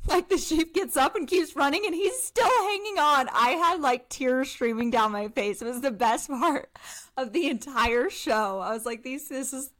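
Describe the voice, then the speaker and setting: Bright-voiced, bubbly young woman. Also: high-pitched, no echo. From Colorado. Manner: bubbly, enthusiastic storyteller. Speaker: podcast co-host. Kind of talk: casual chat.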